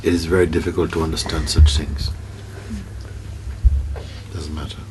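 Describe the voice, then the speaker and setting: A man giving a spontaneous spiritual talk to a gathering, playful and teasing in an unhurried way. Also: rumbling low, level tone, background noise. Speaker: spiritual teacher.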